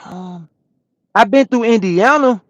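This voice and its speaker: Chatty trucker man, fairly high voice. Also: slow pace, dry recording. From Atlanta, USA. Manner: relaxed and chatty, repeats phrases, answers chat comments. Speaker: truck driver streamer. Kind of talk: casual live-stream chat with viewers.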